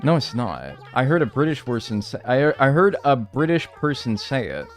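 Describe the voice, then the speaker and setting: A man with a mid-range voice talks at a normal speed over soft background music while livestreaming a game. He chats casually and hops between replies to chat, animated and rambling, swearing often and saying "like" constantly.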